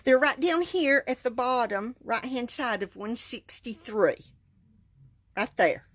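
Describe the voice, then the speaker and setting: A woman's voice: on the high side, expressive, unhurried. A woman, chatting through a live card-making demonstration, enthusiastic and laughing often. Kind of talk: casual live stream demonstration.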